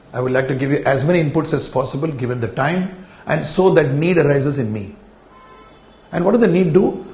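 A man's voice: fairly high pitch, a little mellow, reverberant. A man giving a recorded lecture in a studio, stressing key words and repeating phrases for his students.

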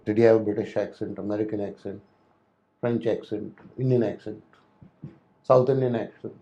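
A man's voice: on the low side, fairly even intonation, moderate pace, warm tone, dull audio. A man giving a spoken lecture on hotel safety and security, talking loosely with frequent restarts and fillers. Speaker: hospitality security instructor.

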